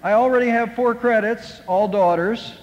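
A male pastor voicing a proud, quick-witted young mother in a sermon story, answering cool and self-assured. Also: very high voice, dull audio, voice pushed up. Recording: long hall reverb.

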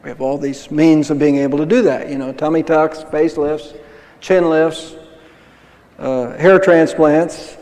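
A man's voice: a little high, fairly even intonation, measured pace, darkish tone. Older man, pastor; conversational sermon with rhetorical questions, long church-hall reverb.

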